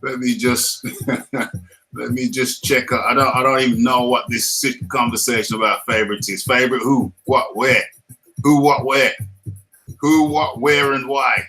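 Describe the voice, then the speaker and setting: A man's voice: mid-range voice, fairly even intonation, unhurried, sharp tone, poor audio. A man with a British accent hosting a casual live stream, playful and laughing often, repeating his lines as he reads the chat.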